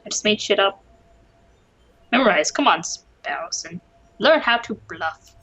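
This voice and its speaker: A woman's voice: medium pitch, expressive, a little slow, pushed and bright, rough recording. A woman co-hosting a game let's play, cracking profane, joking asides. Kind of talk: casual gaming banter.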